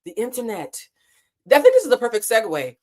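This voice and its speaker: A woman in her thirties hosting a casual livestream from a hotel room. She talks in a candid, animated way and swears freely. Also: fairly high pitch, a little fast. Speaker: livestream host.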